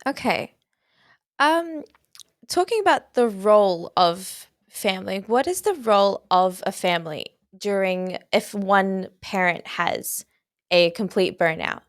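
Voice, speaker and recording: A woman hosting a podcast, asking questions in a slow, measured way. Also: medium pitch, expressive, no echo, clean studio sound. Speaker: podcast host. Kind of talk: interview questions.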